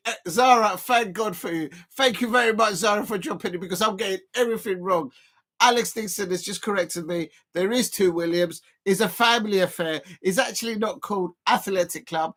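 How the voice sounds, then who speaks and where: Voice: medium pitch, a little fast. Rambling football streamer. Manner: rambling and self-correcting, full of fillers and laughs; bursts into excited shouts at near misses. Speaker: football watch-along streamer. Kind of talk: casual live watch-along commentary.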